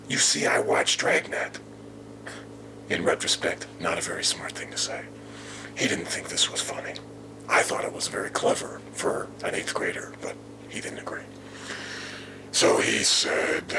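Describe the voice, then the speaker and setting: Brief: deep, gravelly male storyteller, deadpan comic monologue, noisy humming old tape. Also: a little slow, long pauses. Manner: wry, deadpan, drifting between whispers and loud bursts. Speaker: monologue performer. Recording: noisy old video recording with hum.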